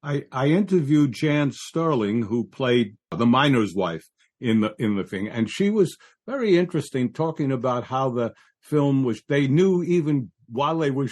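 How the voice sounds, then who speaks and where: A man's voice: mid-range voice, expressive, normal speed, darkish tone. A man co-hosting a classic film podcast, talking enthusiastically and laughing easily. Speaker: podcast co-host. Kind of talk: casual film discussion.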